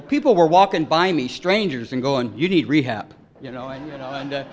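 A middle-aged man tells his own recovery story at a support meeting. He speaks in a slightly higher register than most men. He rambles in a loose, self-deprecating way and keeps returning to "you know.". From Detroit, raised in California. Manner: wry, self-deprecating humor. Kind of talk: AA share, storytelling.

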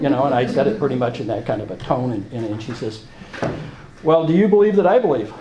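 A man telling his recovery story at a meeting, halting and repeating himself, with emotional swings. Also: medium pitch, lively intonation, dark tone, dull audio. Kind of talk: personal testimony talk. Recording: echoey room, faint ambience.

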